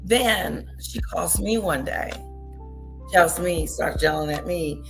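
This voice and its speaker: A woman's voice: deep voice, slow pace, gravelly, music in the background. A woman streamer giving gossipy, scornful commentary as she tells the story of a feud.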